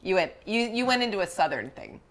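A woman's voice: medium pitch, sing-song, brisk, a bit bright. A woman, a mother, chatting casually with her family, teasing and laughing often.

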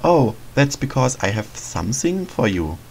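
A man's voice: medium pitch, sing-song, gravelly, darkish tone, slight background noise, rough recording. A man reading as a shy little scarecrow boy. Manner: timid, earnest, halting. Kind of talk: reading game dialogue aloud in a let's play.

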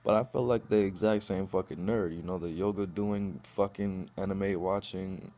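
A man's voice: deep voice, moderate pace. A young man telling a crude personal story in a profane vlog rant, acting out what people said. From Chicago. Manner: profane, animated, acts out quotes. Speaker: vlogger.

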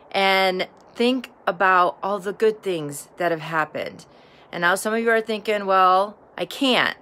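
A woman's voice: medium pitch, fairly bright tone. A woman filming herself outdoors, talking earnestly and encouragingly straight to her viewers about gratitude. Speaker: vlogger sharing daily gratitude. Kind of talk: casual heartfelt self-filmed talk.

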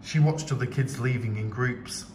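A male teacher reading a picture book aloud with slow, expressive storytelling. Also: medium pitch, music in the background. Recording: echoey room with faint ambience.

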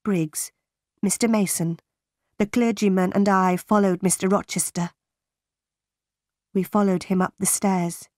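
A woman reads a simplified story for English learners, very slowly and carefully. Her voice sits at a middle pitch, and the recording is dry and close with no room sound. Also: fairly even intonation, darkish tone, no room sound. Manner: clear, careful, deliberate. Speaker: audiobook narrator. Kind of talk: slow graded reader narration for English learners.

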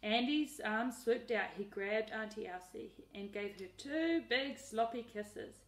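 A woman teacher reading a picture book aloud in a lively, expressive way. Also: a little high, measured pace. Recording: roomy echo.

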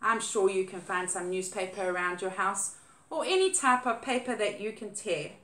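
A woman giving an online lesson to young children, in a sing-song, animated and encouraging way. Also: medium pitch, normal speed. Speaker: early-years teacher. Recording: echoey room.

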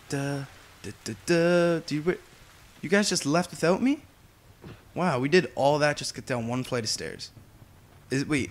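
Excitable man doing game commentary. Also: medium pitch. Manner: excitable, chatty, quick to exclaim. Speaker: gameplay commentator. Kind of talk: casual let's-play commentary.

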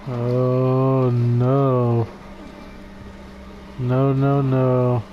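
A man giving excitable, laugh-filled let's play commentary, swearing freely as he reacts to the game. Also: medium pitch, very slow, muffled recording, a little hiss or hum. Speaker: gaming commentator.

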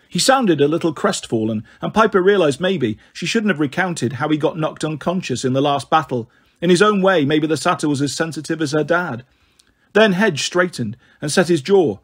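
A man reading a novel aloud in a steady storytelling voice, giving the characters their own voices. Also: fairly high pitch, normal speed, slightly rough. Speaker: audiobook reader.

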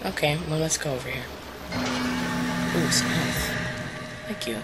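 A young man giving casual, rambling commentary on a shooter game, mocking himself and loudly taunting the enemies. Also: a little high, very animated, slow pace. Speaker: gaming YouTuber. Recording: game music playing behind the voice.

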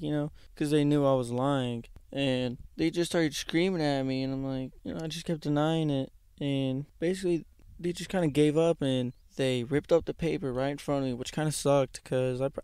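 A man's voice: mid-range voice, a little mellow, clean tone, no room sound. A teenage boy telling a rambling personal story in casual slang with some swearing. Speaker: YouTuber.

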